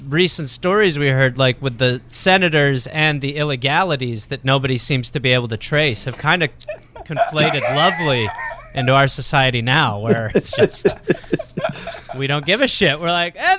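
A man co-hosting a comedy podcast, riffing excitedly and jumping into silly voices. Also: mid-range voice, moderate pace. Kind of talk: comedic banter.

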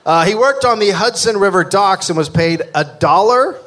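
Animated high-voiced male comedy podcast host. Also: normal speed, a little hiss or hum. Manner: joking, animated storyteller. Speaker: podcast host reading history. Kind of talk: live comedy podcast, reading aloud. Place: live theater stage before an audience.

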